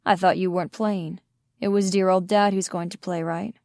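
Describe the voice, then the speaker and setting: A woman's voice: lowish voice, steady tone, normal speed, darkish tone, no echo, clean studio sound, lightly acted. A woman voicing a cold, menacing young man. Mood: mocking. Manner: clipped and mocking.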